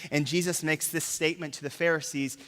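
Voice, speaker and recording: Bright-voiced man preaching in a reverberant church. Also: a little high, steady tone, brisk. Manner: emphatic, drops to a hush on key words; asks the crowd rhetorical questions. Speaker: pastor. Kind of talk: sermon. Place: church sanctuary. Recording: long reverb of a church hall.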